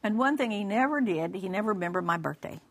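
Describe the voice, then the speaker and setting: A woman's voice: mid-range voice, fast. A woman giving a humorous personal testimony on a Christian broadcast and acting out the dialogue as she tells it. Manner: lively storytelling, acting out dialogue; humorous, laughs while telling. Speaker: guest speaker.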